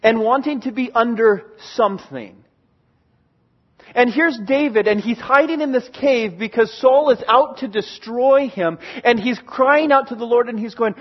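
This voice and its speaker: A man with a high, light voice preaches to his congregation in an earnest, emphatic way, circling back to key phrases again and again. The recording is dull and somewhat lo-fi, with the top end muffled. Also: measured pace. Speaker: pastor. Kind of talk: sermon. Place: church in Oregon.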